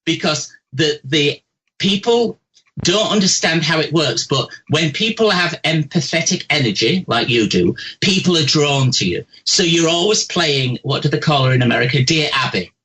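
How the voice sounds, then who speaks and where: A man giving callers blunt, animated psychic readings on live call-in radio. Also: on the high side, normal speed, low-quality recording. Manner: blunt, chatty, animated, says "bugger off", "bloody", "love", "posh".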